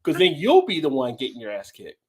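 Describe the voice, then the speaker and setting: A man's voice: on the high side, huge pitch swings, a little fast, over a noisy crowd. A man co-hosting a podcast in casual chat, rambling and laughing as he talks. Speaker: podcast co-host.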